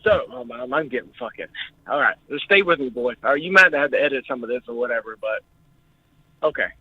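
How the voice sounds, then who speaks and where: The same call-in guest now has a medium pitch, talking fast with lively intonation and a slightly rough edge. Over the tinny phone line he emotionally and nervously recounts his experience, cursing frequently.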